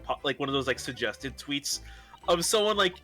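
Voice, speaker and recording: A man's voice: mid-range voice, lively intonation, normal speed, sharp tone, faint music behind. A man streaming a game, chatting casually with a friend, rambling, swearing and laughing as he goes. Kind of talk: casual gaming chat.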